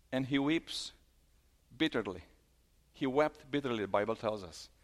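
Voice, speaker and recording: In his sermon, the man retells passages of scripture and asks his listeners questions. At the emotional points, his voice sinks low and softens.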